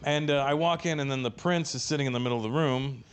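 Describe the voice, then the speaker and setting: A middle-aged male stand-up comedian telling an animated, profane story on stage and acting out the other people in it. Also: mid-range voice, quick pace, slight background noise.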